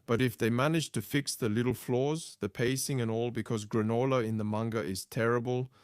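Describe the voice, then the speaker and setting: A man's voice: medium pitch, steady tone, fairly quick, clear, resonant tone, no echo, studio quality. A man co-hosting a podcast in casual chat, easygoing, explaining things at length. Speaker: podcast co-host.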